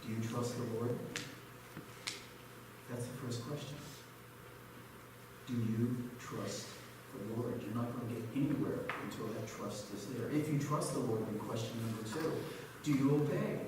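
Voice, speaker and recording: A man's voice: mid-range voice, normal speed, a little mellow, a little hiss or hum. A man preaching as a church pastor, telling stories and building to emphatic pleas. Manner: storytelling, rising to emphatic pleas. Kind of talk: sermon. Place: church sanctuary. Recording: echoey church hall from far off.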